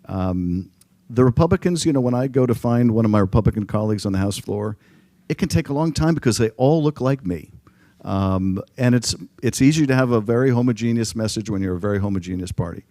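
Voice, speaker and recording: A middle-aged congressman answering an audience question at a panel, speaking in a measured way with frequent ums and restarts. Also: lowish voice, lively intonation, warm tone, no echo. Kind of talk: public panel talk. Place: conference room.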